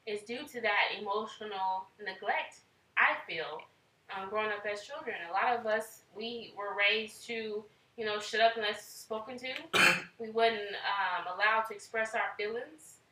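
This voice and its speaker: A woman's voice: mid-range voice, a little slow, sharp tone, recorded from a distance. A woman in casual conversation, speaking earnestly about raising children and acting out little quoted exchanges. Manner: earnest, talks with her hands in quotes, acts out parent and child lines. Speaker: parent in a podcast conversation. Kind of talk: casual chat. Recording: echoey room, set back from the mic.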